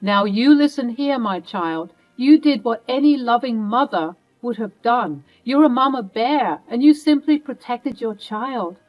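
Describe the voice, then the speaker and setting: A warm-hearted grandmotherly woman, soothing yet firm, as a woman reads her in a storybook narration. The voice is a touch high, with soft music behind. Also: expressive, unhurried, hardly any pauses, muffled recording. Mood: firm encouraging. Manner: soothing, motherly. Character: kind, protective older grandmotherly woman.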